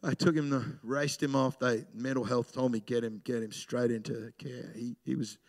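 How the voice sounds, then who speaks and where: A middle-aged man, a pastor preaching a sermon in a conversational way, swinging between loud emphasis and hushed storytelling. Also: mid-range voice, fairly even intonation, normal speed.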